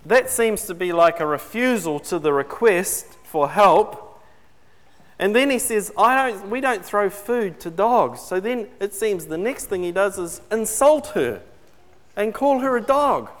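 A man's voice: high voice, sing-song, a little slow. A man preaching a sermon in a conversational way, putting questions to his congregation. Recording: long reverb in a large hall.

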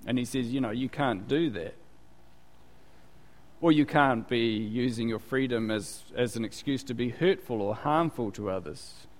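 A man's voice: medium pitch, normal speed. A man preaching a sermon in a chatty, conversational way, full of asides and rhetorical questions. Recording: long hall reverb.

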